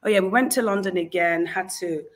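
A woman hosting a livestream, giving an animated, exclamatory faith talk and greeting viewers in the chat. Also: lowish voice, fairly quick. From Nigeria. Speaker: livestream host.

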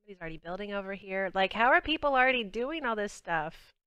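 A young woman with a Southern US accent hosts a game livestream, chatting bubbly and casually with her viewers while she plays. Her mid-range voice is expressive, quick, bright and forceful yet smooth. The lo-fi recording has no echo.

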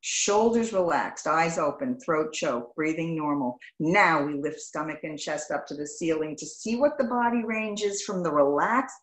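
Brisk woman yoga teacher calling out poses. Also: deep voice, reverberant, rough recording. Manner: brisk rapid-fire commands in short clipped phrases; affectionate, greets students warmly by name. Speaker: yoga instructor. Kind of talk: live yoga class instruction over video call. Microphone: video call microphone.

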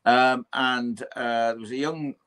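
In an interview, an older English historian and paranormal investigator recounts a ghost story of his own, voicing its characters and letting slip the occasional mild swear word. His mid-range voice is clean and a bit bright, unhurried, with fairly even intonation, though the telling stays animated and conversational.

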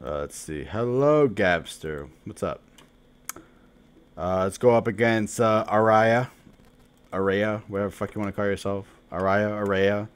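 A young man streams a mobile card game, commenting live with profane trash talk, sometimes dropping to mumbles and then shouting at opponents. His voice is lowish, smooth, and unhurried.

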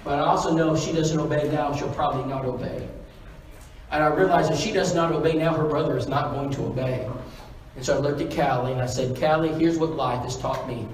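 A man's voice: a little high, steady tone, brisk, a little hiss or hum. A man preaching a sermon, telling a story in an earnest, pleading way with lots of repetition. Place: church auditorium. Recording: echoey church hall from far off.

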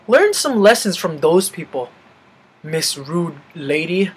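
Husky-voiced young man ranting. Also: fairly high pitch, a little slow, poor audio. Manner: animated, swearing, venting. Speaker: vlogger. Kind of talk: casual ranting vlog.

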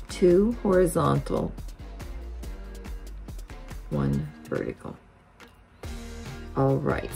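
A woman hosting a quilting software tutorial, explaining each step methodically as a voice-over. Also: sits low, vocal fry.

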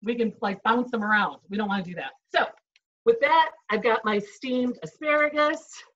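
Her voice is on the high side and fairly bright, at normal speed, as a chef instructor with a Chicago accent runs a cooking demonstration at home. She's chatty, explains while she cooks, and keeps saying "right?" and "um," all on a lo-fi recording made from a distance.

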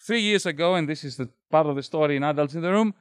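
A man's voice: fairly high pitch, fast, smooth, no room sound, studio quality. A middle-aged man from Greece giving a public talk at a bookstore, building his points rhetorically and with expression. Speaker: author speaking at a bookstore event. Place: bookstore event room.

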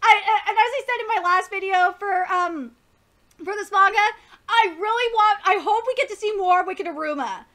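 A young woman on a YouTube channel gushes through a live reaction to a manga chapter. She gets excited fast and swears casually. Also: very high-pitched.

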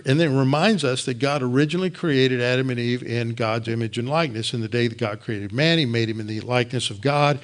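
A man teaching a Bible lesson in an earnest way, repeating words for emphasis and restarting phrases. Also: mid-range voice.

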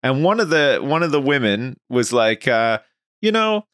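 A man's voice: medium pitch, moderate pace, clear, resonant tone, dry recording, clean studio sound. A middle-aged Canadian man co-hosting a podcast, telling stories with lots of laughter and swearing. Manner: laughing, animated storytelling, swears freely. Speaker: podcast co-host. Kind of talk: casual chat.

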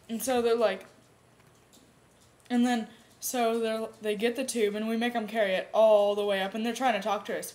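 A woman vlogger telling a rambling, animated story in casual chat with a friend. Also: on the high side. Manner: rambling animated storytelling, bursts of fast talk.

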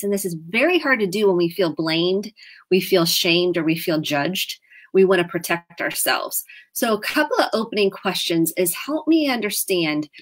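A woman therapist from Indiana talking on a video call, coaching and acting out example questions in a warm, encouraging way. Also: medium pitch. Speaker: licensed therapist. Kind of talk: video-chat conversation.

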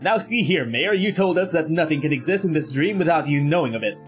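A man's voice: on the high side, expressive, a little fast, faint music behind, close to an everyday voice. A man voicing a pompous male talking book that speaks in a formal, lofty way.

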